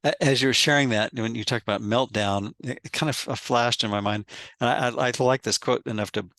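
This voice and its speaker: A man hosting a reflective spiritual conversation, halting and repeating words as he searches for phrasing. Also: medium pitch, fairly bright tone, no room sound. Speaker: host and author.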